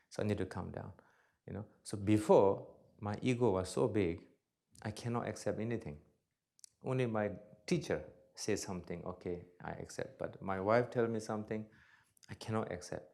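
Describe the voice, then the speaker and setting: Buddhist teacher guy giving a talk, plain-spoken and funny, grammar all broken, mid-pitch voice. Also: animated, normal speed, creaky. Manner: swings between loud emphatic bursts and soft low asides. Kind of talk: dharma talk to an audience.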